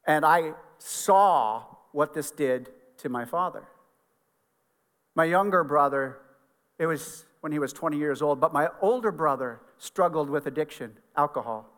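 A man's voice: a little high, measured pace, fairly bright tone, big-room sound. A middle-aged man, a pastor, giving an earnest, conversational sermon in a church sanctuary.

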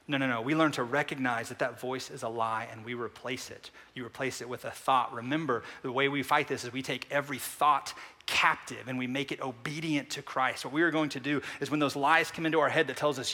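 Man, pastor preaching, emphatic then hushed, bright tone, reverberant hall. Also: steady tone, brisk. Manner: swings from loud emphatic refutations to soft low asides. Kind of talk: sermon.

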